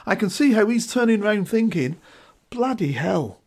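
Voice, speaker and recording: Speaking a little fast in a high-pitched voice, a middle-aged guest in a casual discussion is animated and emphatic. He repeatedly checks in with "right?"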